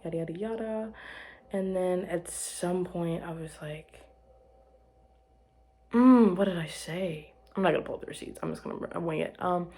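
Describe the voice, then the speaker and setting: A woman's voice: lowish voice, a little mellow. A young woman telling a rambling personal story in casual chat, correcting herself and laughing as she goes. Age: young adult. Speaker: vlogger.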